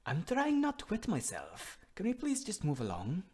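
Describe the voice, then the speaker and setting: A man's voice: high-pitched, huge pitch swings, normal speed, a little mellow, husky, exaggerated voice. A man voicing a weary, formal male cat-man companion in a video game.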